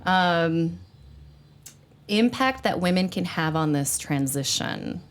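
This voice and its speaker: A woman's voice: lowish voice, expressive, slow pace. A woman hosting a podcast, talking earnestly in casual spiritual chat, rambling with plenty of fillers. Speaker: podcast host.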